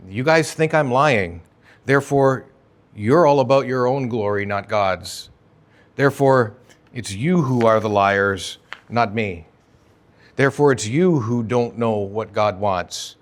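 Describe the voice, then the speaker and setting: A man's voice: medium pitch, unhurried. Emphatic, conversational male preacher. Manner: conversational, emphatic preaching with sudden rises and drops in energy. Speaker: pastor. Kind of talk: expository sermon. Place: church sanctuary.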